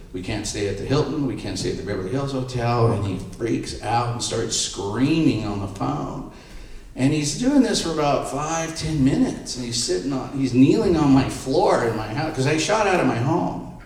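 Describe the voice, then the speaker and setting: Middle-aged man telling stories in an echoey room. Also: medium pitch. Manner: animated, acts out quoted voices. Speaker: entertainment photographer on a panel. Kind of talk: anecdotal storytelling at a live panel. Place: panel event room. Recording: echoey room, mic far off.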